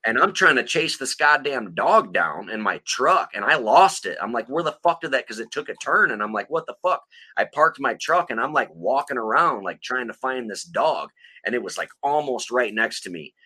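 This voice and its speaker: A man's voice: medium pitch, very animated, moderate pace, pushed and bright, husky. A man co-hosting a podcast, telling a long rambling story full of profanity in casual chat. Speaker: podcast co-host.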